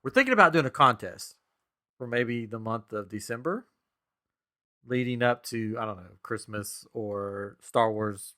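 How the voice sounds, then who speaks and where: Male podcast co-host, bright tone, jokey casual chat. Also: medium pitch, expressive, measured pace. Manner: jokey, self-deprecating.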